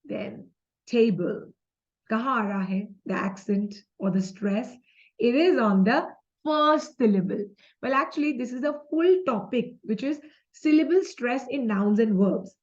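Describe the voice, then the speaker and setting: A young woman with an Indian English accent takes learners through exam questions one by one. Her voice sits a little high, and she slips into Hindi for her explanations. The audio is dull and lo-fi. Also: moderate pace. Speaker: exam tutor. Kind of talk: lively quiz lesson.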